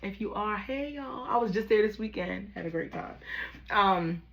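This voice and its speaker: With a medium pitch, fairly even intonation, and some vocal fry, a woman with a Baltimore accent reads tarot for her viewers at a moderate pace. Her tone is fairly bright though the audio is dull. She's from Baltimore, USA, and keeps it casual and familiar, calling people "y'all" and "baby."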